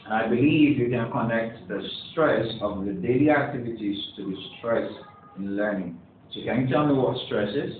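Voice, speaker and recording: A male teacher leads a classroom pronunciation lesson, drawing answers out of his students and praising them often. His voice sits at a middle pitch and comes from some way off the mic. The room is very echoey, and the sound is thin and phone-like. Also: normal speed. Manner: encouraging, asks students questions and praises answers. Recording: echoey, distant, phone-like with faint hiss.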